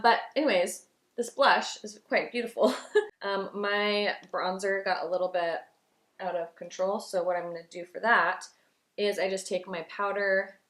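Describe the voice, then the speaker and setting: A woman's voice: medium pitch, a bit bright. Young woman, beauty vlogger, chatty, effusive, mid-range voice, echoey room. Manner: gushing, chatty, many "like" and "um" fillers. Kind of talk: get-ready-with-me chat.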